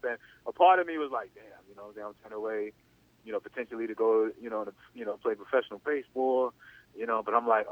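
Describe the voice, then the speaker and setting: Over a dry, tinny phone line, a man in his thirties tells a long story. He's an interview guest and former athlete, and his telling is loose and rambling, full of "you know." His voice is mid-range and he talks fast.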